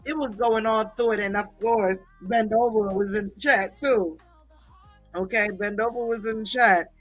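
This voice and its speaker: A woman hosting a livestream, gossiping and reading chat in a loud, profane, laughing manner. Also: mid-range voice, moderate pace, faint music behind. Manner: animated, profane, laughing often. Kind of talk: casual gossip commentary.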